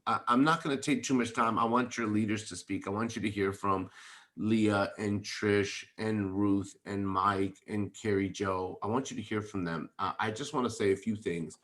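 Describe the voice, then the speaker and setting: A man leading a network marketing team, telling stories in an excited, emphatic way on a video call. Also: on the low side. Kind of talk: enthusiastic motivational talk on a video call.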